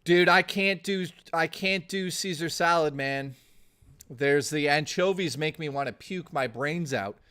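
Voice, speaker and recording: A man streaming live rants to his chat in a blustery, profane, casual way. His voice is a little high, bright, and smooth, with a forceful tone and an unhurried pace.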